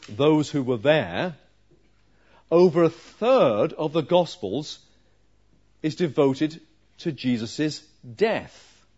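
Guy preaching a sermon real slow, dramatic pauses, kinda muffled lo-fi sound. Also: a little high, a little mellow, slightly rough.

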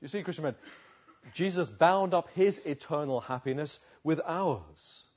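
A man preaching a sermon, dropping to a hush and then rising loud, slow and emphatic with long pauses. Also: a little high, dull audio. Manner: dramatic swings between hushed and loud passages.

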